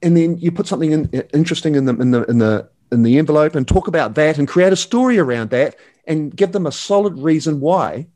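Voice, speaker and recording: A man's voice: a little high, lively intonation, fast, a little mellow. A man, talking as an enthusiastic, slangy guest in a casual interview. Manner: enthusiastic, slangy, calls the host mate.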